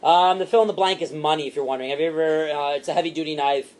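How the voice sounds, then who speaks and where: A man training a sales team, animated and repetitive, acting out what to say to customers. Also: on the high side. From Italian heritage. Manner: animated, fast and repetitive, acts out customer lines.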